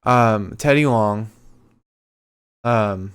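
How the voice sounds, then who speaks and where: A man's voice: medium pitch, slow pace, long pauses, fairly bright tone, clean tone. A man co-hosting a podcast, recapping events in a loose casual chat, rambling along with frequent ums. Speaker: podcast co-host.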